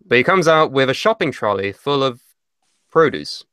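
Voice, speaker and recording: A man's voice: medium pitch, very animated, moderate pace, a bit bright, clean tone, dry recording, clean studio sound. A man co-hosting a wrestling podcast, talking sarcastically and swearing freely. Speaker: podcast co-host. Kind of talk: casual wrestling podcast chat.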